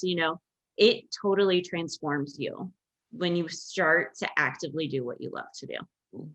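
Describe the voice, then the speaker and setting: A woman's voice: deep voice, a little slow, a bit bright. A woman hosting a podcast, chatting in an upbeat, storytelling way. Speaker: podcast host. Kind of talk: casual chat. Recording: dull lo-fi sound.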